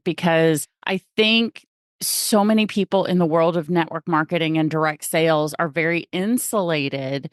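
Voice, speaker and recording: A woman's voice: deep voice, normal speed, clear, resonant tone, dry recording. Upbeat woman host, dry close sound. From United States. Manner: upbeat and effusive. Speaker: show host. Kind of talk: enthusiastic podcast host introduction.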